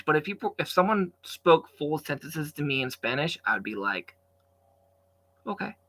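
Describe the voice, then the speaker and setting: A man talks through a wrestling show recap in a loose, rambling way, stopping and restarting his sentences. His voice sits at a middle pitch with a bright, sharp edge. He gets loud and keyed up in bursts, then drops back down. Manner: rambling, chatty, lots of fillers and restarts. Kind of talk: casual recap commentary.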